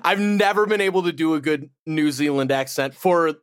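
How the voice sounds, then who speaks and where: A man's voice: a little high, moderate pace, smooth, dry recording, clean studio sound. A man co-hosting a casual podcast, blunt and opinionated, swearing freely. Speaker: podcast co-host.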